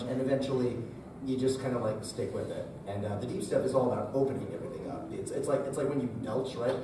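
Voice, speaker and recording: A man's voice: medium pitch, fairly even intonation, fast talker, noisy background. A man talking as a guest voice actor at a convention panel, joking and breaking into character voices. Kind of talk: casual panel Q&A. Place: large convention hall. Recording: echoey convention hall, mic from far off, crowd ambience.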